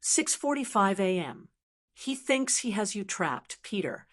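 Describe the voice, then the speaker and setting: Woman reading as a cool sharp lawyer guy laying out the plan, steady. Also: mid-range voice, unhurried. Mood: confident. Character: cold, calculating male lawyer.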